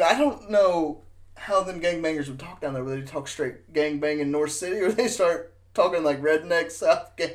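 Drunk guy rambling a road trip story on a podcast, lots of swearing, slightly high voice. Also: moderate pace. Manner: rambling, profane, animated storyteller. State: drunk and stoned. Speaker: podcast co-host. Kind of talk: casual storytelling chat. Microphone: studio mic.

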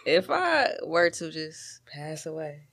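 A woman in casual chat, loud and joking, teasing her friends. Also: deep voice, sing-song, takes it slowly.

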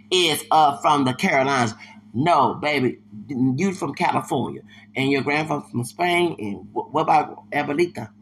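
A man from Houston, Texas, hosting a podcast, delivering a heated, slangy and repetitive rant of commentary with loud bursts of laughter. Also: a little high, breathy edge. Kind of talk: ranting commentary monologue.

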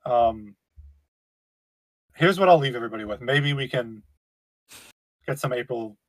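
A man's voice: medium pitch, measured pace, no echo, low-quality recording. Easygoing man co-hosting a podcast. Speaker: podcast co-host. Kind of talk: casual chat.

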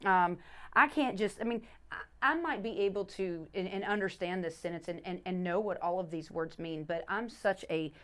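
A woman's voice: on the low side, moderate pace. Earnest middle-aged woman teaching scripture. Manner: earnest, restarts often, repeats scripture with stress on each word. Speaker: pastor's wife and podcast co-host. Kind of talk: casual faith podcast teaching.

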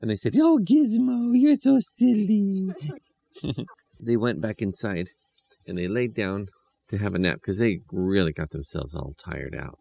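A man improvising a silly children's story, telling it in a playful, lively way. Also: low-pitched, gravelly. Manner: playful, chuckling, lively delivery.

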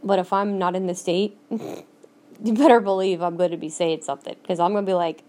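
A woman's voice: lowish voice, fairly even intonation, a little fast, mellow. Blunt, emphatic woman podcast host. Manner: blunt, emphatic, repeats herself. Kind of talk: solo podcast rant. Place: lives in Minnesota.

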